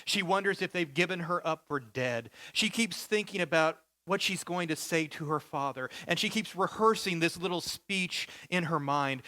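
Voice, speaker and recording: A man's voice: on the high side, normal speed, hardly any pauses, bright, forceful tone. A male pastor preaching a sermon with vivid, dramatic storytelling.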